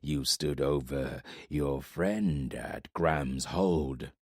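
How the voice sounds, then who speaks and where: A man voicing a hulking giant warlord, calm and menacing, in an audiobook, speaking slowly and deliberately. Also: no echo, clean studio sound, full character voice. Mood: measured menace. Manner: slow, deliberate, rumbling.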